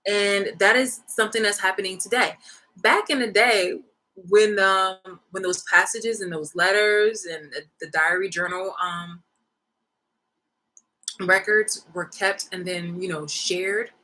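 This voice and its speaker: A woman's voice: mid-range voice, steady tone, unhurried, sharp tone, rough recording. A young woman vlogging in a rambling, slangy casual rant, swearing freely.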